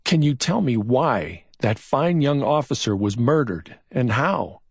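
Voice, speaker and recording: For an audiobook crime story, a man performs a male investigator, probing with gentle insistence. It's a heavily acted, unhurried delivery in a mid-range voice lifted above his own, slightly rough with vocal fry and lively intonation, recorded dry in the studio.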